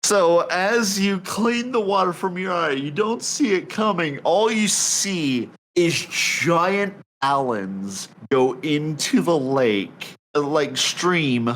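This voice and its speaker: A man acting as game master, narrating a tabletop game in a relaxed, halting way, often chuckling. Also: fairly high pitch, low-quality recording.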